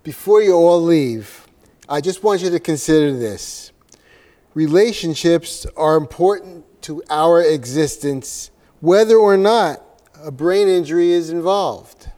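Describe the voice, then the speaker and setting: A man hosting a seminar panel, speaking in an earnest, measured way. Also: a little high, dark tone. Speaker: seminar host. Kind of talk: closing remarks at a seminar.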